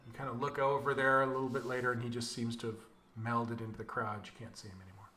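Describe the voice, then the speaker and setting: A man serving as game master, narrating a tabletop game in a relaxed, descriptive way. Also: medium pitch, fast, slight background noise.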